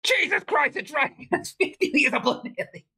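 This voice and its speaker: A woman's voice: sits high, big pitch swings, brisk, vocal fry, pushed and bright. A woman streaming her game development, talking casually, swearing and laughing helplessly as she works things out aloud. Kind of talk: casual livestream commentary.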